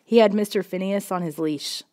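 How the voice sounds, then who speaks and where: A woman reading a children's storybook in the first person, steady and expressive. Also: mid-range voice, normal speed. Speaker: audiobook reader.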